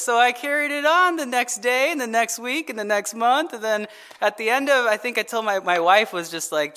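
Male pastor with a high voice, easygoing midweek sermon, keeps checking in with the room. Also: expressive, fairly quick, sharp tone. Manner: conversational, asks the audience rhetorical questions; chuckles while telling stories. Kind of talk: midweek Bible-study sermon.

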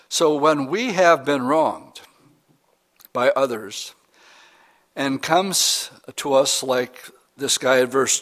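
A man's voice: mid-range voice, fairly bright tone. Folksy male preacher explaining scripture. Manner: folksy asides and dry humor. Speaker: pastor. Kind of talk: sermon, reading and explaining scripture.

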